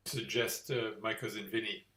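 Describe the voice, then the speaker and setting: A man performing in an improv comedy scene, offering dry, halting suggestions. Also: on the low side, little pitch movement, a bit bright.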